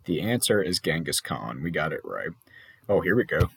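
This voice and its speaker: Young man, deep husky voice, casual trivia game chat, swears a lot, dry close sound. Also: big pitch swings, moderate pace, fairly bright tone, no room sound. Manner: swearing, laughing, reads questions aloud. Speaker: gamer playing a trivia quiz. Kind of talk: casual gaming commentary.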